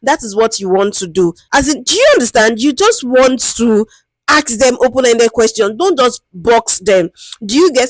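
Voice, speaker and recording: A woman with a Nigerian accent giving a casual, lively lesson, often checking that listeners follow and acting out interview lines. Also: moderate pace, dry recording. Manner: lively, conversational, keeps asking "do you understand?"; acts out interview lines in a higher, sweeter voice. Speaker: product management teacher. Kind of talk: casual explanatory talk.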